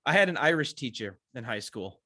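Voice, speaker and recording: A man's voice: medium pitch, animated, fairly quick, sharp tone, no room sound. A man co-hosting a podcast, chatting casually about a film and cracking dry jokes. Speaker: podcast co-host.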